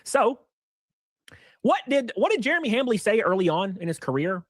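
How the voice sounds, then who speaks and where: A man's voice: high voice, very animated, moderate pace, no room sound. A man co-hosting a casual commentary stream, chatty and reacting to the chat.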